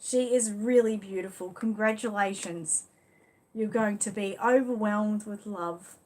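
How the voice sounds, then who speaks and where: A woman's voice: medium pitch, a little slow, a little mellow. Chatty Australian woman on a livestream. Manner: chatty, leans on "you know" fillers. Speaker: livestream host. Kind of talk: casual live chat reading viewer comments.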